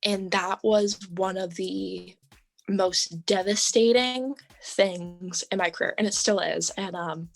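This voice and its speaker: A young woman, a podcast guest, telling her story in casual conversation, full of "like" and "um" and quick laughs. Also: medium pitch, steady tone, gravelly. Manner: chatty, lots of "like" and "um", laughs often.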